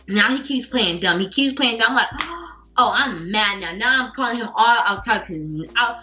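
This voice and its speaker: A young woman spins a storytime for her vlog in a bright, lively voice that swings high and low. She talks in slangy, animated bursts packed with "like", and faint music sits behind her. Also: rough recording. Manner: animated, slangy, heavy use of "like". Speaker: vlogger. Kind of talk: casual storytime. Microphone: camera mic.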